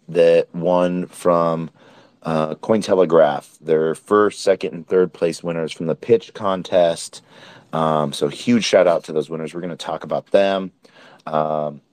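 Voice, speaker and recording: A very low-voiced man hosts a casual nightly recap, sounding worn out after a long day. He talks slowly and rambles, full of ums and likes. The sound is dry and close. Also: no room sound. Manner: relaxed, rambling with many fillers. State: tired, hiccuping. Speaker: host. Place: Miami, at a conference event.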